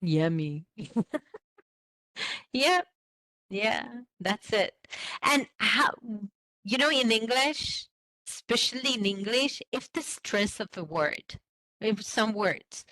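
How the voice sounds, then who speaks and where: Slow, bright-voiced woman teacher trainer. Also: medium pitch, dry recording, low-quality recording. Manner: slow, explanatory, asks the class questions. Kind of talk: online teacher-training lesson.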